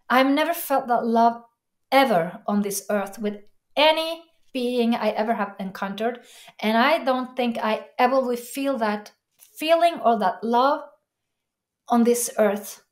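A woman interview guest telling a personal story in an earnest, emotional way, halting and restarting. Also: fairly high pitch.

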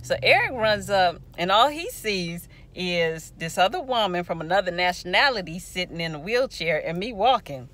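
A woman in her forties telling a personal story to her viewers in an animated, lively way. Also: fairly low pitch, moderate pace, few pauses. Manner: animated, lively storytelling with playful quoted voices. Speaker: vlogger remembering a friend.

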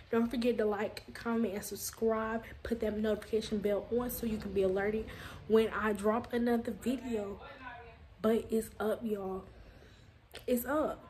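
Excitable young woman vlogging from a car. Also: on the high side, a little hiss or hum, low-quality recording. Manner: chatty and excitable, breaks into hollering. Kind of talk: casual selfie vlog. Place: inside a car on a road trip. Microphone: phone held at arm's length.

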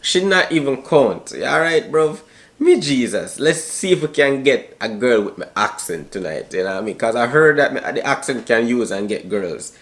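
A man's voice: mid-range voice, sing-song, moderate pace, a bit bright. Joking young Jamaican man vlogging. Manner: joking, slangy banter. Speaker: YouTuber. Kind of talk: casual vlog chat.

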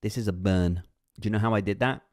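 A man's voice: lowish voice, fast talker, darkish tone. A man livestreaming a game in casual, upbeat chat, reading out viewer names and thanking donors.

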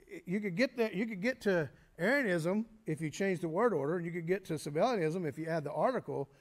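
Delivering a sermon meant to teach, a pastor with a fairly high-pitched voice walks through his points one step at a time. His speech is dotted with fillers, restarts, and frequent pauses.

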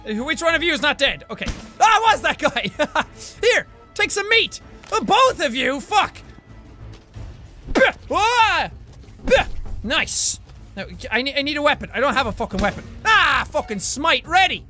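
A young Irish man giving energetic let's-play commentary, swearing constantly and yelping and cheering at the game. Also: very high voice. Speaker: gaming YouTuber.

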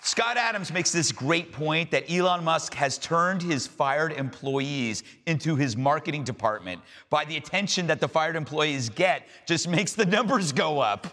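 A man hosting a comic talk show, delivering sarcastic deadpan jokes and banter with his panel. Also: a little high, moderate pace, hardly any pauses, in a large hall, a faint crowd. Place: television studio.

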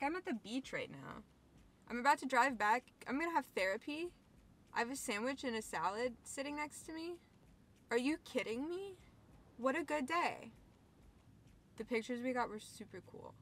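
Bright-voiced young woman rambling at the beach. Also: on the high side, slight background noise. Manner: rambling, emotional, swears freely. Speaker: vlogger. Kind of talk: casual vlog talk to camera. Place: outdoors at a beach. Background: faint outdoor ambience.

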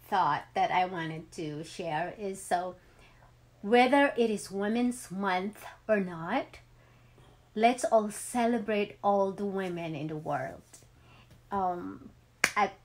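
A woman in her thirties talking heartfelt and emotional in a personal vlog, with many ums and pauses. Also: mid-range voice. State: emotional, near tears. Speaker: vlogger.

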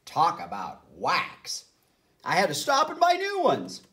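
A woman's voice: lowish voice, huge pitch swings, a little slow, a bit bright, distant mic, full character voice. Woman voicing a lion drummer, grinning, jokey, upbeat, picture-book story.

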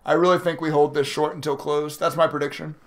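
A young man talks to his live-stream chat while he trades, his voice gravelly and pitched a little high. He vents his frustration, swearing and reacting to viewers' messages in a loose, casual way. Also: flat delivery, fast talker. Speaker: day trading livestreamer.

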